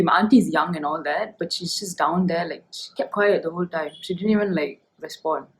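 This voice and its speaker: A woman's voice: fairly low pitch, poor audio. A young woman telling a personal story to camera in a vlog, emotional and indignant as she recounts it. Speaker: vlogger.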